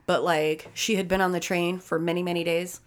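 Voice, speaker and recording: A woman's voice: fairly low pitch, flat delivery, fairly quick. Profane, emphatic woman storyteller. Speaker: podcast co-host. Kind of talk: casual storytelling chat.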